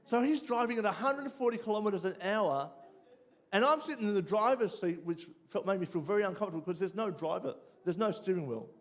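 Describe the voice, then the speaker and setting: An Australian man preaching, telling a personal story with lively ups and downs before dropping quiet and low for the lesson. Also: fairly quick. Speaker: pastor. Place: church.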